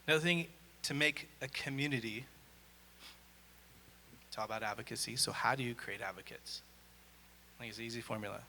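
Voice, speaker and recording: A man giving a conference talk on stage, an energetic storyteller who acts out dialogue. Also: medium pitch, fairly quick, pauses often, slight background noise. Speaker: conference speaker. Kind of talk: live presentation talk. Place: on stage in a large hall. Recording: echoey hall.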